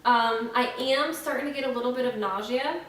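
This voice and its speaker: A young woman from Florida, a vlogger, gives a casual pregnancy update at home indoors, frank and chatty with lots of ums. Her voice is a little high, brisk, and a bit bright, and her mouth sounds dry and she's slightly short of breath. She's off-mic and at a distance in a very echoey room with faint noise.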